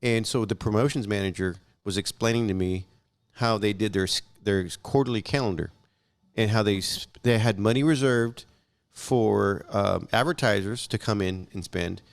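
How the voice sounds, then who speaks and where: A young adult man guesting on a podcast speaks at a moderate pace in a lowish voice with vocal fry. In casual chat he tells stories bluntly, swearing and animatedly acting out the dialogue.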